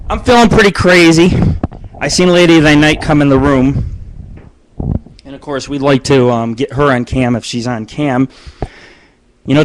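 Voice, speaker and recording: Broadcasting live on video from his home studio, a man hosts his own internet radio show, telling rambling, crude stories thick with curses and laughs. His pitch sits in the medium range, and the low-quality recording carries a little hiss or hum.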